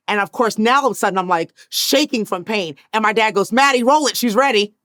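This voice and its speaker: A woman in her fifties tells a story as an interview guest. She acts out each voice in it and swings between hushed and loud moments. Her voice sits at a middle pitch and is recorded dry and close, with no room sound. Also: a little fast, few pauses, no room sound. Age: 50s.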